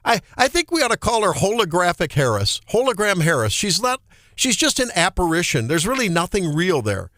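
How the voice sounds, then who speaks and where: A Midwestern man hosting talk radio, fired up and indignant, with a fairly high voice. He stumbles and restarts as he argues. The studio sound is dry and close. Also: brisk, no echo. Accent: Midwestern American. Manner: animated, indignant, repeats and restarts. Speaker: radio talk show host. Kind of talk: opinionated political talk radio.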